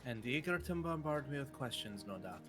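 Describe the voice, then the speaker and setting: Man reading a dry young male explorer, flat and understated, game dialogue read live. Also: mid-range voice, brisk, music in the background, natural voice. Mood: reserved.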